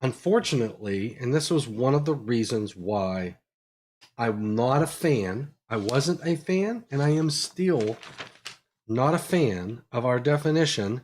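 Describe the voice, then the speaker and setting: Male host, Pittsburgh accent, live tech Q&A; rushes in energetic bursts, lots of ums, drifts off-mic now and then. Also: mid-range voice. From Pittsburgh, USA. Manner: energetic, fast bursts with fillers. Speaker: electrical engineering educator. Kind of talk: live technical Q&A talk.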